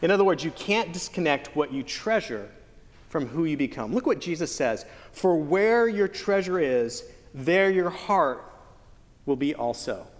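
Guy preaching in a church, kinda high voice, long hall echo, earnest but cracks jokes. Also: animated. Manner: earnest, joking asides, drawn-out emphasis. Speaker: pastor. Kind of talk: sermon. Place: church sanctuary.

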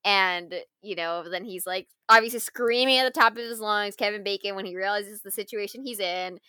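A woman co-hosting a casual chat, retelling a film scene in an animated way, full of fillers and frequent laughter. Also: medium pitch, a little fast, clear, resonant tone, no room sound.

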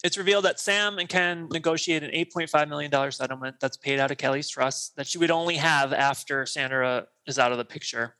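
A man's voice: a little high, sharp tone. A man in his thirties co-hosting a podcast, recapping a film in casual chat and acting out the characters' lines. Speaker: podcast co-host.

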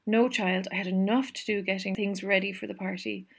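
A busy mother in a storybook who speaks briskly, her words sharp but kindly, as a woman reads her part. There is a gravelly fry in the voice. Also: mid-range voice, fairly even intonation.

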